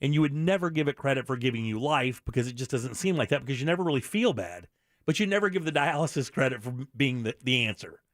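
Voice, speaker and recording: A man's voice: medium pitch, animated, quick pace, fairly bright tone, dry recording, studio quality. A middle-aged man hosting a radio show, talking earnestly and bluntly with many restarts. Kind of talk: candid talk radio monologue.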